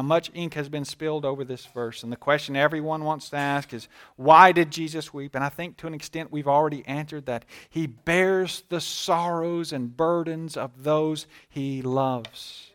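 A pastor preaching and reading scripture, who swings from hushed to loud and emphatic and slows right down on key words. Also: male voice, a little high.

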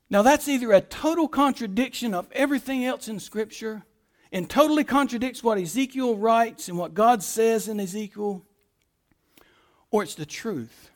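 A male pastor preaching a sermon, reading scripture aloud and explaining it with emphatic rhetorical questions, often dropping to a hushed voice at the ends of phrases. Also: extremely high pitch, normal speed.

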